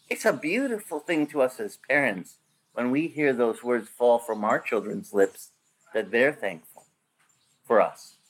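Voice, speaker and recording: A man preaching an animated sermon. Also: mid-range voice. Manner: animated preaching with acted-out quotes. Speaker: pastor.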